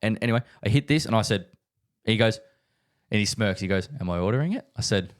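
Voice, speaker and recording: A man's voice: lowish voice, quick pace. A young man, co-hosting a casual podcast chat, telling stories with lots of repeats and swearing. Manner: animated storyteller, repeats himself, swears. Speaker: podcast co-host.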